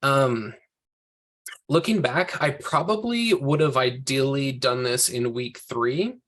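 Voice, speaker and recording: A man's voice: medium pitch, takes it slowly, fairly bright tone. Man teaching a class over video call. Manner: patient, explanatory. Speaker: Hebrew teacher. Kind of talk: online class lecture.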